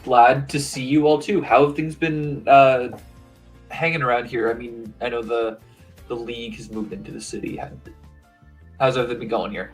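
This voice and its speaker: An easygoing man plays a tabletop game, talking in a wry, casual way. His voice sits at a middle pitch. Faint music is heard behind him. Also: fairly even intonation, normal speed. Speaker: player. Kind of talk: casual in-character chat.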